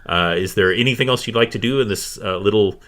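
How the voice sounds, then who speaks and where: A man's voice: on the low side, fairly quick, a bit bright. A man narrating as game master of a tabletop fantasy game, with many hesitations and fillers.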